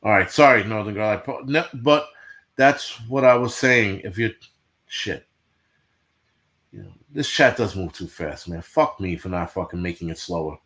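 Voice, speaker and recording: A man's voice: lowish voice, lively intonation, moderate pace, fairly bright tone. A man hosting a livestream, ranting bluntly and profanely to his chat in casual talk. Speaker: livestream host.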